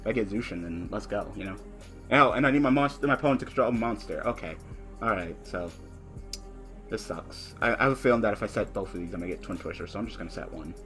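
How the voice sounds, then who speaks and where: A man's voice: quick pace, fairly bright tone, soft background music. A young man giving profane, frustrated commentary on his online card game, cursing at his opponent. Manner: ranting in a high, laughing voice.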